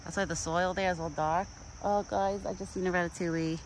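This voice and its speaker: A woman's voice: lowish voice, steady tone, a little fast, slight background noise, rough recording. A young woman chatting casually outdoors as she vlogs on her phone, rambling on and cooing baby talk to a deer. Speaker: vlogger. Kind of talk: casual chat. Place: outdoors in a rural yard. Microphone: phone camera.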